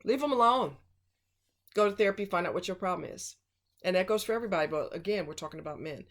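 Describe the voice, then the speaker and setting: A woman's voice: on the low side, expressive, fast talker. Blunt, exasperated woman giving advice. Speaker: relationship advice vlogger. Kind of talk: casual monologue.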